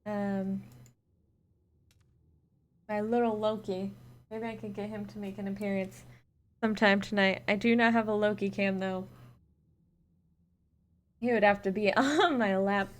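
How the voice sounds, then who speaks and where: A woman's voice: mid-range voice, steady tone, measured pace, pauses often. A woman casting a gaming tournament live, chatting with viewers and thanking them between matches. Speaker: esports caster. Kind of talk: solo live-stream casting between games.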